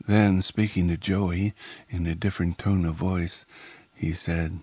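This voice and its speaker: A man narrating a first-person story in a calm, unhurried way. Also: low-pitched, breathy edge, no room sound.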